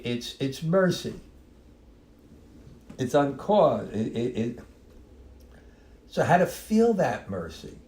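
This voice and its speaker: Slow-speaking male spiritual teacher, echoey room. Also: mid-range voice, dark tone. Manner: unhurried, repeats and restarts words, chuckles now and then. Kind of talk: devotional talk on a live stream.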